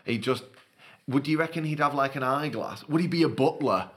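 This man co-hosts a relaxed podcast. He speaks at an ordinary pitch, and his delivery is playful and teasing as he tells his stories. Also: brisk, slight background noise. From United Kingdom. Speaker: podcast co-host. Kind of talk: casual chat.

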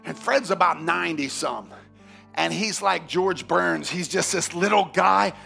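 A male pastor preaching a sermon, telling a story with animated swings from hushed asides to shouts. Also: high voice, a little slow, creaky, faint music behind.

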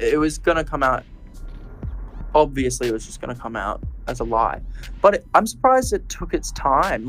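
A man co-hosting a podcast, casually recapping episodes and telling what happened in a relaxed, storytelling way. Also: a little high, rough recording. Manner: walks through events in a relaxed, storytelling way. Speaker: podcast co-host.

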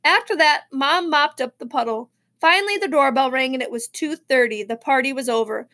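A woman reading a children's novel aloud in a lively storybook manner. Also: sits high, a little fast. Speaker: reader.

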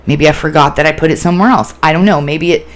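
A woman's voice: low voice, fast talker. A woman hosting a casual solo podcast, talking candidly and with plenty of swearing, rambling through fillers and restarts. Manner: candid, profane, animated storytelling. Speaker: podcast host.

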